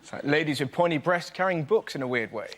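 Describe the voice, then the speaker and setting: A man performing a fast stand-up comedy routine in a TV studio, slipping into silly voices for the people in his jokes. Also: a little high. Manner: quick, animated, mimics people in silly voices. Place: TV studio with live audience. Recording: TV audio with loud background noise.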